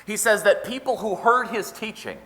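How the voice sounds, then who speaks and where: A man delivers an earnest, conversational sermon, his voice bright and fairly high for a man. The sound rings with the long reverb of a church hall. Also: moderate pace. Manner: earnest, conversational preaching with scripture quotes. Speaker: pastor. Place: church sanctuary.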